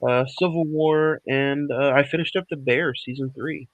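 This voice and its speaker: Relaxed rambling podcast host, man. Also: a little high, moderate pace, no room sound, muffled recording. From Oklahoma area, USA. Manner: relaxed, rambling, lots of fillers. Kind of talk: casual podcast chat.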